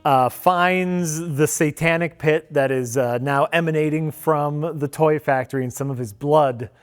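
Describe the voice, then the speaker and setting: A man's voice: a little high, unhurried, smooth, soft background music. A man co-hosting a casual film review, sarcastic and profane. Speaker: co-host.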